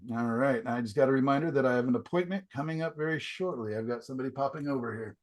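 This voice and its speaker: A man's voice: mid-range voice, quick pace. A man teaching a painting class, giving casual, enthusiastic feedback over a video call. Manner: casual, enthusiastic, chatty with fillers.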